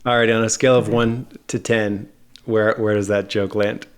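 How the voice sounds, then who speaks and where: A man's voice: fairly low pitch, level tone, moderate pace, clear, resonant tone. A man with an American accent hosting a podcast in a casual, upbeat, joking way. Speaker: podcast host.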